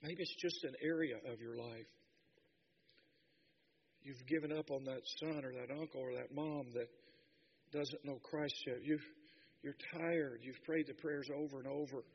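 A man preaching a sermon with passion, dropping to a hush and then building to shouts. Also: medium pitch, fairly even intonation, moderate pace, long pauses, dull audio, slight background noise. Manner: impassioned, swinging from hushed to shouting.

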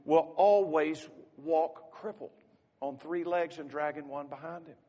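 A man's voice: on the high side, a little slow, mellow, in a large hall. A man voicing a blunt, plain-spoken small-town hardware store owner in a sermon story.

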